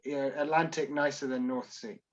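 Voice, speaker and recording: A man's voice: medium pitch, fairly even intonation, moderate pace, muffled recording. A Scottish man working as a tour guide, answering viewer questions in a chatty, self-deprecating way on a video call. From Scotland.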